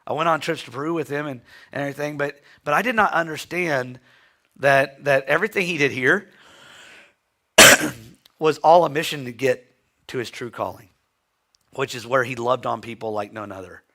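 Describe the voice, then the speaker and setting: A male pastor delivers a sermon from the pulpit of a church. His voice is bright and forceful, sitting at an ordinary pitch for a man, and he tells his story in an earnest, heartfelt manner. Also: moderate pace, long pauses. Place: church sanctuary.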